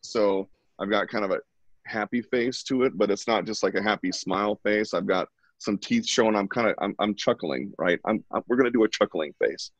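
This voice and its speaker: At home, a drawing instructor gives a casual, chatty live lesson, talking as he sketches. His voice is lowish and his pace brisk, with no echo, and the recording sounds dull, lo-fi, and dry.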